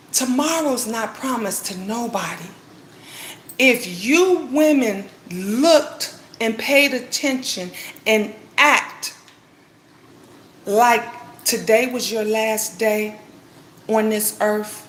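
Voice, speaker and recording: Middle-aged woman vlogger, high-pitched and impassioned, preaching to viewers in an echoey room. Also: a bit bright. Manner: emotional, impassioned, with repeated phrases and blunt swearing. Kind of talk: heartfelt preachy monologue to viewers. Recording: roomy echo.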